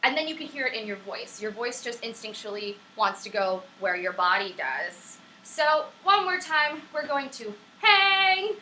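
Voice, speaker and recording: A woman's voice: fairly high pitch, animated, a little slow, hardly any pauses, sharp tone, a little hiss or hum, low-quality recording. A young woman at home teaching a casual online singing lesson, chatty, encouraging and prone to tangents. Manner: upbeat and encouraging. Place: at home on camera.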